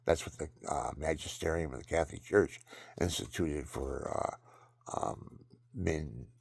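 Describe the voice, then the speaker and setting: A man's voice: extremely low pitch, a little slow, vocal fry, breathy edge, dry recording, clean studio sound. An older man rambling through personal stories and religious advice, often restarting sentences and chuckling at himself. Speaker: vlogger telling personal stories.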